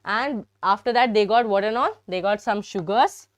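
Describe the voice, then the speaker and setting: A woman's voice: medium pitch, moderate pace, no echo. A young woman with an Indian English accent teaching a live biology class, chatty and teasing, often turning to her students. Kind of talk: live online biology lesson.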